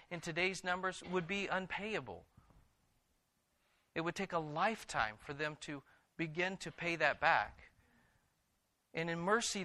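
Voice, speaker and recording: A man delivers a sermon in a bright, forceful voice that sits a little high for a man. He reads scripture aloud, then presses his point with earnest, emphatic repetition. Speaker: pastor.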